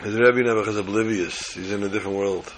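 Rabbi delivering a folksy, emphatic sermon story; husky, raspy tone. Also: male voice, lowish voice, steady tone, quick pace.

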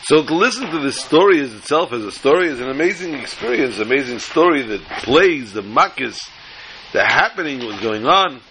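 Man, Torah teacher, chatty joking storyteller, bright voice, faint background noise. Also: mid-range voice, animated, normal speed, poor audio. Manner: chatty, joking, repeats words. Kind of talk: storytelling lecture.

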